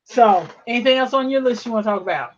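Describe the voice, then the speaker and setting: A woman's voice: on the high side, lively intonation, fast, slight background noise. Laid-back woman on a muffled call. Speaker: podcast co-host. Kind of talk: casual chat over video call. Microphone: video call. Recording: muffled video call audio.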